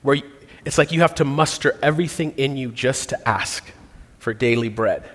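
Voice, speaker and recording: A man preaching a sermon, earnest and reflective, pausing and restarting as he works through a psalm. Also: medium pitch, fairly bright tone. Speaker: pastor. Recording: long reverb of a large hall.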